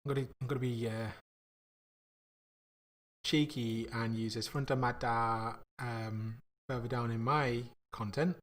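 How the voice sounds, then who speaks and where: A man streaming himself coding, thinking aloud in a casual, halting way, often trailing off and laughing at his own mistakes. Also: medium pitch, fairly even intonation, fairly bright tone. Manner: slow, halting, self-mocking, laughs at himself.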